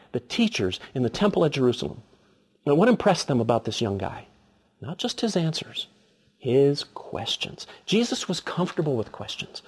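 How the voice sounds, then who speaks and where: A middle-aged male preacher with a husky, slightly raised voice, delivering a sermon. He swings his pitch widely as he tells the story, acting out the voices of the people in it. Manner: animated storytelling with acted quotes.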